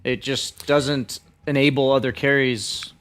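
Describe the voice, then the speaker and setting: Measured male draft analyst. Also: mid-range voice, level tone, fairly bright tone, smooth. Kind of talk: analyst desk discussion.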